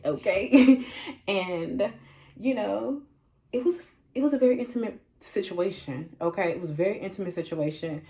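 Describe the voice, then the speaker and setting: A woman's voice: fairly low pitch, a little mellow, low-quality recording. Sassy young woman telling a storytime. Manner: sassy, blunt and profane, laughing often, with rhetorical "okay?". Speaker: vlogger telling a personal story. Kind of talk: casual storytime monologue.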